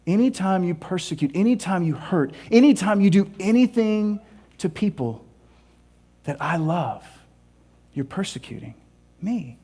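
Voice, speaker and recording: A preacher voicing Jesus, quiet and gentle. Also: male voice, high-pitched, very animated, husky, exaggerated voice. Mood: tender. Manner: quiet, soft and slow. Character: Jesus speaking, calm and gentle man.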